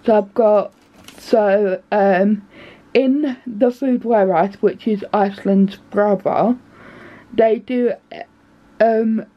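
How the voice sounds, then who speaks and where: A woman's voice: mid-range voice, fairly even intonation, slow pace, pauses often. A woman chatting casually in her bedroom for her vlog, rambling from one thing to the next. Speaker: vlogger. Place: bedroom at home. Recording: dull lo-fi home recording.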